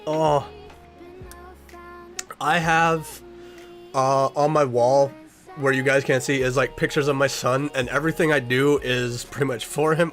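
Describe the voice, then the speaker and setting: A man's voice: mid-range voice, little pitch movement, unhurried, pauses often, fairly bright tone, faint music behind. A young man chatting casually on a livestream about goals, earnest and emotional, rambling with restarts. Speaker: streamer.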